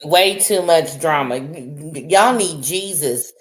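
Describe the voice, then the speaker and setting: A woman's voice: low voice, slow pace, crowd noise, low-quality recording. A woman co-hosting a casual chat over a video call, talking in a blunt, joking way with plenty of slang.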